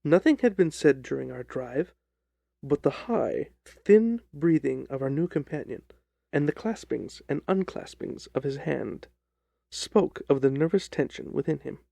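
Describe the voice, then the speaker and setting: Guy reading an old detective story, slow and steady, low mellow gravelly voice. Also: no room sound. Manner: measured storytelling. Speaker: narrator. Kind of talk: scripted narration of a detective story.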